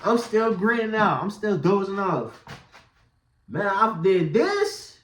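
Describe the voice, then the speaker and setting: A man telling a story in a vlog, laughing through it and full of slang. His pitch leaps all over the place while his pace stays slow and drawn out. The telling is loose and animated. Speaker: vlogger.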